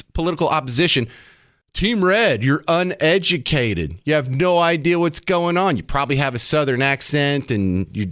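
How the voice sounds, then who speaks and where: A man's voice: fairly high pitch, a bit bright, no room sound. A man hosting talk radio commentary from a studio, sarcastic and argumentative.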